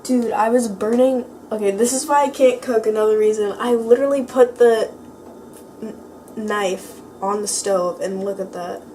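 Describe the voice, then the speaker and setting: A woman's voice: a little high, moderate pace, dark tone, slight background noise. Rambling teenage girl with a sick voice. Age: teens. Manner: rambling, fills speech with "like". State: sick, voice lower than usual. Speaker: vlogger. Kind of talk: casual chat.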